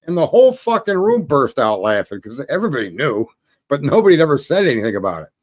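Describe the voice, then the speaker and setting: A man's voice: a little high, very animated, fast, darkish tone. A middle-aged man telling a long story in a crude, swaggering, casual way, swearing often and laughing at his own jokes. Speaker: show host telling a story.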